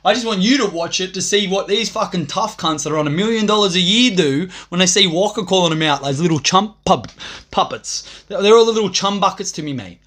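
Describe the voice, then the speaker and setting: A man's voice: high-pitched, fairly quick, a bit bright. Swaggering profane man, raised voice. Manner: profane, swaggering, laughs at own jokes. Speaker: livestreamer. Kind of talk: rambling livestream monologue.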